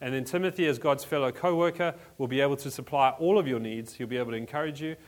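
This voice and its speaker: A man's voice: medium pitch, fast. A man from South Africa preaching a sermon as a pastor in a church, in a conversational way with frequent restarts. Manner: conversational, restarts often, many fillers.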